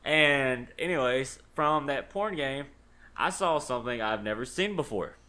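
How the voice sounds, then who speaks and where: A man's voice: medium pitch, animated, a little slow, pushed and bright. A young man, a podcast co-host, telling a rambling story in casual chat and swearing freely.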